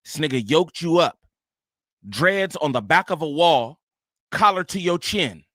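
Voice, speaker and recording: Animated man hosting a reaction channel. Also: a little high, unhurried, no echo, studio quality. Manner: animated, joking, slangy. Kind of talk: casual commentary.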